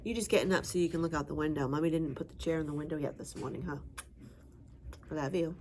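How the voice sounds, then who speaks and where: A home vlogger chats casually and rambles with fillers, switching to a high sing-song voice to talk sweetly to her dog. She speaks quickly in a slightly mellow tone, with a little hiss or hum in the audio.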